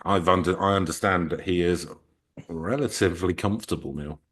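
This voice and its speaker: Casting: male podcast co-host, deep voice, dry playful humor. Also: fairly quick, husky. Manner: playful, deadpan joking. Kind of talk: comedic podcast chat and story reading.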